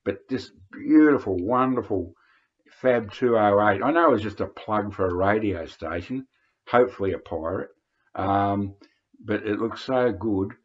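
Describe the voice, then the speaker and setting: An older Australian man reminisces in a vlog, telling rambling anecdotes in a lowish, unhurried voice. He's hesitant, full of fillers and restarts, and the recording is dull and lo-fi.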